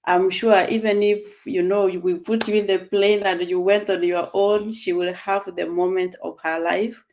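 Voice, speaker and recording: A woman's voice: lowish voice, steady tone, unhurried, darkish tone, a little hiss or hum. A woman responding in a group conversation, affirming and prayerful, praising the other speaker. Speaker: company supporter in a group conversation.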